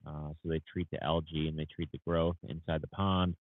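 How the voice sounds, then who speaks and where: Tired low-voiced man on a tinny line. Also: flat delivery, fairly quick, dry recording. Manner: rambling, tired, with many fillers and restarts. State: tired, yawning. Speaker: landscaping business owner hosting a livestream. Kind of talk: casual livestream Q&A. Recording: tinny phone-like audio.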